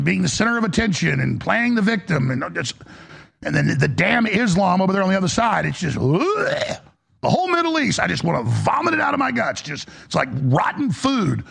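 A man's voice: high voice, creaky, fairly bright tone, husky. A man ranting as a political commentator in a heated, exasperated monologue, blunt and profane.

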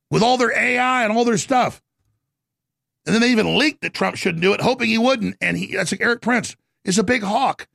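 A middle-aged male radio host in an angry rant, his voice rough and gravelly and pitched high. The pitch swings widely as he works himself up and breaks into shouts. The studio sound is dry and close. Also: no room sound. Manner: ranting, agitated, shouting bursts. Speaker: radio talk show host. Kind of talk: heated political monologue.

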